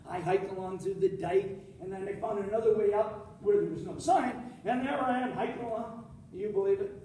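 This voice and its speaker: A man's voice: high voice, a little mellow, slight background noise. An older man giving a humorous contest speech, telling a story with acted-out quotes. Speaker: contest speaker. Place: large hall with an audience. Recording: echoey hall, speaker far from mic.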